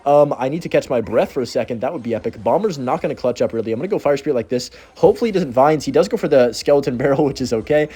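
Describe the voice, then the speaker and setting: A young man rattles off live gameplay commentary at a quick clip, excitable and quick to yelp at close calls. His voice sits on the dark, mellow side. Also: medium pitch, slightly rough. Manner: excitable, talks fast and reacts loudly to the play. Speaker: gaming video creator.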